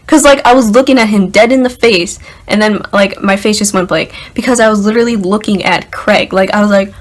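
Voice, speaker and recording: A young woman vlogger telling a story to the camera in an excited, chatty way, packed with "like" and "literally". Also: mid-range voice, fairly quick. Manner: excited, filler-heavy, lots of "like" and "literally".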